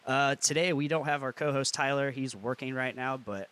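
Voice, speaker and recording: A man hosts a podcast in loose, casual chat. His voice is bright and forward at an ordinary pitch. He rambles, restarts and chuckles as he jokes. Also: normal speed, clear, resonant tone. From US Midwest. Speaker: podcast host.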